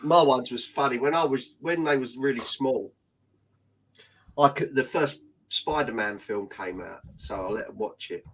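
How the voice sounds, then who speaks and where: A middle-aged British man telling funny stories in casual chat. He talks in an animated way, laughs as he goes and swears freely. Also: mid-range voice, normal speed, slight background noise, poor audio. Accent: British English.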